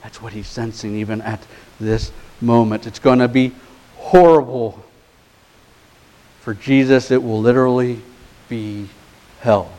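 Male pastor, mid-range voice, sermon delivery that shifts from hushed to emphatic, with slow, deliberate stress on key words. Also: fairly even intonation, rough recording. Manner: swings from hushed, low passages to rising, emphatic exhortation.

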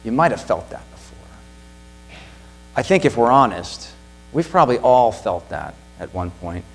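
Pastor, man, middle-aged; animated, earnest sermon delivery, slight hum on the recording. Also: mid-range voice, measured pace, faint music behind, rough recording. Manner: earnest, emphatic preaching with rhetorical questions.

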